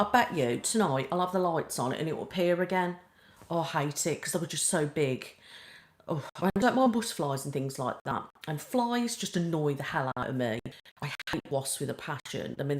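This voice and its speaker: British woman, low voice, casual rambling live-stream chat, echoey room. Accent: British English. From Britain. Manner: chatty and rambling, with lots of "like" and "um". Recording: roomy echo.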